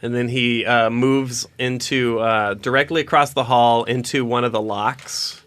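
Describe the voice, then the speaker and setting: A man's voice: mid-range voice, fairly even intonation, measured pace, a bit bright, smooth. A man narrating a tabletop game as dungeon master, rambling with lots of fillers. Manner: rambling, many fillers and restarts.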